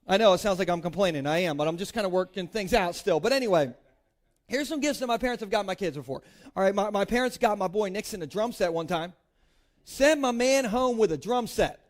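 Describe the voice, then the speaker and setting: Expressive, brisk, and high-pitched, this man in his thirties is a Delaware pastor preaching before a congregation on a church stage. His style is casual and joking, chatty with plenty of "like" and playful asides.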